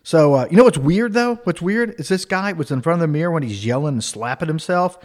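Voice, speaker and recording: A man telling a funny personal story in a casual, animated way, often checking in with the listener. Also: fairly high pitch, brisk. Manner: casual, animated, tag questions.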